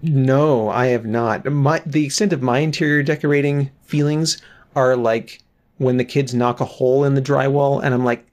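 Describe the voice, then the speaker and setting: A man's voice: medium pitch, fairly even intonation, normal speed, darkish tone. A man co-hosting a podcast in casual chat, with dry, wry humor. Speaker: podcast co-host.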